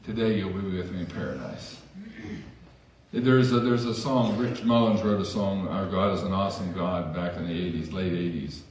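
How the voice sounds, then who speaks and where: A man's voice: low-pitched, fairly even intonation, moderate pace, darkish tone, distant mic, a little hiss or hum. A man preaching a sermon as pastor in a church, conversational with self-deprecating asides. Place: church sanctuary. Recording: echoey church hall from afar.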